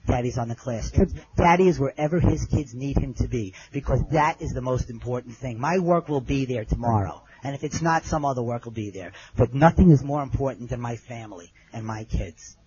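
A middle-aged man telling a personal story in an earnest way. His voice goes low and soft at the moving parts. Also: brisk, hardly any pauses, dull audio.

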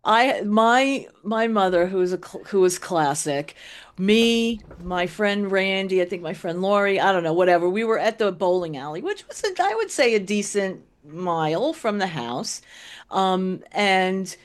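A woman's voice: mid-range voice, lively intonation, unhurried. A middle-aged woman co-hosting a casual chat, rambling through memories with frequent laughs and trailing asides.

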